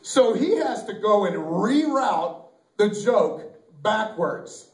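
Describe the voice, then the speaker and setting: Rambling young comic in an echoey club. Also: male voice, sits high, big pitch swings, takes it slowly. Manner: rambling, loose and self-correcting, with lots of fillers. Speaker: amateur stand-up comedian. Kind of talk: stand-up routine at an open mic. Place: small comedy club or bar. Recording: echoey room taped from far off on a camcorder. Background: audience laughing.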